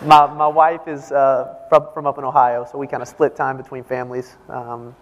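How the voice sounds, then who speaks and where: A young man from Texas with a Southern American accent, a guest answering interview questions in a friendly, relaxed way. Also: mid-range voice, moderate pace, highs cut off. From Houston, Texas. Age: young adult. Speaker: guest basketball player. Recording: long hall reverb.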